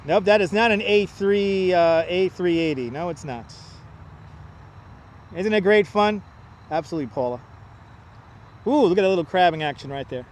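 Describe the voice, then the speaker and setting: High-voiced chatty planespotting host. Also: male voice, moderate pace, pauses often, slight background noise. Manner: chatty, joking, reads out flight details. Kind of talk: casual live commentary. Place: outdoors near an airport. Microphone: wireless clip-on mic.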